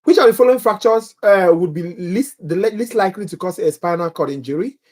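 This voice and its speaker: A man's voice: high-pitched, lively intonation, brisk, a little mellow. A man runs a live exam-prep review for nursing students, reading questions and answer options aloud. He quizzes his viewers and jokes about his own accent.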